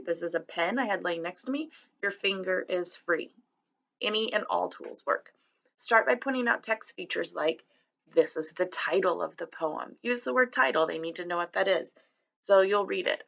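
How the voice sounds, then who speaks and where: Chatty woman with a gravelly edge. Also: medium pitch, fairly bright tone, rough recording. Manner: chatty and encouraging, with asides. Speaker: teacher coaching parents. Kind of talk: casual instructional talk.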